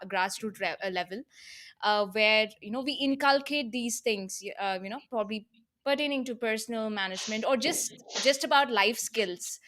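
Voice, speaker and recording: A woman hosting an interview, polite and agreeable, who talks with many soft fillers. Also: on the high side. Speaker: host. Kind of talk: casual interview conversation.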